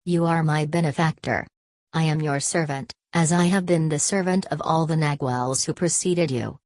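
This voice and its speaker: A woman reading the lines of an ageless, mysterious sorceress in a soft, hushed, mesmeric voice. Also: low-pitched, normal speed, dry recording, studio quality, natural voice.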